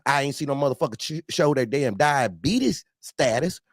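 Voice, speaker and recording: A man's voice: medium pitch, animated, moderate pace, husky, no room sound, studio quality. A man ranting angrily on a talk show, swearing constantly and repeating himself as he gets heated. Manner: angry, swearing, repetitive outbursts. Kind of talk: heated profane rant.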